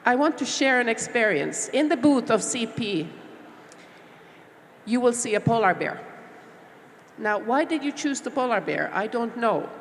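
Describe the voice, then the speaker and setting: A middle-aged woman from Norway, speaking on a panel as a small business owner, heartfelt and reflective with many pauses and fillers. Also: fairly high pitch, big pitch swings. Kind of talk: panel discussion talk. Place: large expo hall stage. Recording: long hall reverb with faint background noise.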